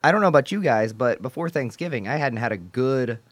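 A young man hosts a laid-back podcast, teasing his co-hosts with mock exasperation. His voice sits at an everyday middle pitch. The recording is dry and close. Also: expressive, brisk, no echo. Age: young adult. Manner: playfully exasperated, bantering. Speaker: podcast host. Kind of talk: casual chat. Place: small home studio.

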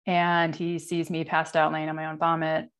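A woman in her forties speaking candidly in an interview, halting and full of fillers. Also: low voice, monotone, clean tone. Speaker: guest. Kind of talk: personal interview.

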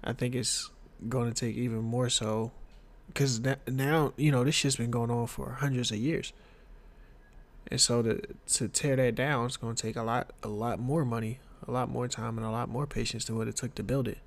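A man's voice: medium pitch, fairly even intonation, moderate pace. Teasing man co-hosting a podcast. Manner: teasing, laughs often, swears freely. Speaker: podcast co-host. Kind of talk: casual chat.

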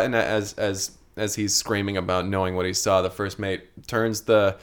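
A man co-hosting, telling an improvised comedy story with friends, animated and quick to echo the others. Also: on the low side, clear, resonant tone. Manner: animated, jumps in and echoes others.

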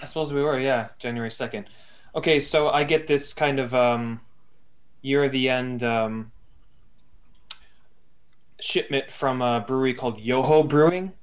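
A man's voice: medium pitch, measured pace, long pauses, smooth. A man in a casual podcast chat, rambling easily and hesitating with ums. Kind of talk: casual chat among friends.

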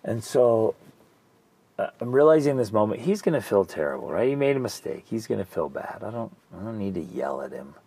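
A middle-aged man, co-host of a parenting talk show, telling a personal story in a casual, animated way, acting out his own past thoughts. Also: fairly low pitch, fairly quick, gravelly, slightly rough, no room sound. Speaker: podcast co-host.

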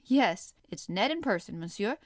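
A woman's voice: mid-range voice, expressive, normal speed, no room sound, clean studio sound, close to an everyday voice. A woman reading the part of a bold, determined male harpooner with a blunt, matter-of-fact delivery.

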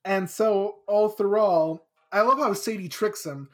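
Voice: medium pitch, unhurried. A podcast co-host casually recapping a book chapter, acting out the characters' lines as she goes. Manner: animated, acts out characters' lines in quotes.

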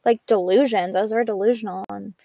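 A young woman shares her recovery story candidly, chatty and upbeat, peppering it with "like." Her mid-range voice is steady, fast, gravelly and mellow, recorded clean in a studio with no echo.

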